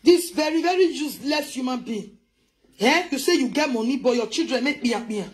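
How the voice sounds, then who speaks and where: A high-pitched woman with a Nigerian Pidgin accent rants through a live commentary, scolding and swerving between English and local languages. Her lively delivery keeps rising to sharp, emphatic peaks. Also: a little fast, slight background noise. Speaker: host. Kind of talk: live commentary on online drama.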